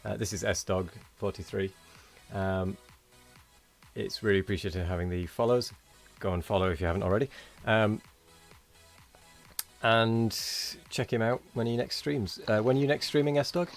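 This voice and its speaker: A man speaking in a fairly low voice, chatting loosely on a late-night game stream. He sounds tired and wanders from thought to thought while thanking viewers. Faint music plays under his voice. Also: fairly even intonation, normal speed, vocal fry. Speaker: streamer host. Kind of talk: casual live-stream chat.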